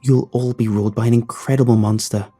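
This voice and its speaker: A man voicing an eerie little girl in a horror story, speaking in a shrill, pleading way. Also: fairly even intonation, a little fast, warm tone, soft background music, natural voice. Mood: menacing.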